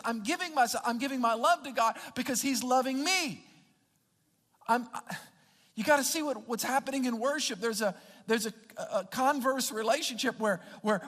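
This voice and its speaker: A man's voice: very high-pitched, fairly bright tone, long reverb tail. A man preaching as a pastor, emphatic, often repeating words and restarting his phrases. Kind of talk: sermon.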